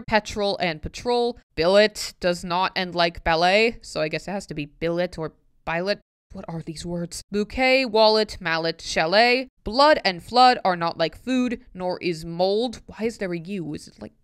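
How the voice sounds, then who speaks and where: A woman's voice: mid-range voice, fairly bright tone, smooth, dry recording, studio quality. A woman vlogger reading a tricky pronunciation poem aloud, word by word, with puzzled, self-mocking asides in between.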